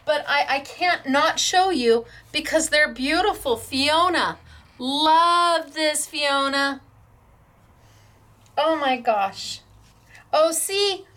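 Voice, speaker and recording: Female craft host, high bright voice, effusive and stammering with excitement. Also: takes it slowly. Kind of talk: excited show-and-tell of craft samples.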